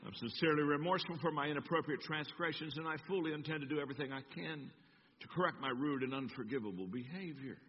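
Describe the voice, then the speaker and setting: A man voicing a suddenly polite male parrot who speaks softly and formally. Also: on the high side, quick pace, a little hiss or hum, natural voice. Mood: contrite. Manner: soft, formal and contrite. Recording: echoey hall, dull sound.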